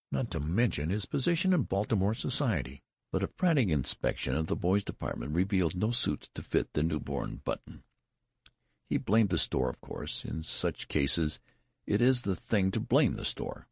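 A man narrating a story aloud in a lively storytelling delivery. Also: extremely low pitch, creaky, breathy edge, no echo, studio quality. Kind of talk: audiobook reading.

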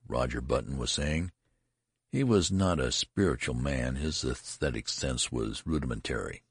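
A man narrating a story in a measured, unhurried way, with a gravelly, husky voice. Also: very deep voice, lively intonation, no room sound, studio quality. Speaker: audiobook narrator.

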